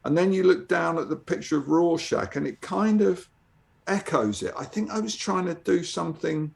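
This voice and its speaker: A man's voice: on the high side, animated, moderate pace, gravelly. An older man, a guest comic artist, chatting casually and reflecting on his own artwork, with frequent restarts. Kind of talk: casual chat.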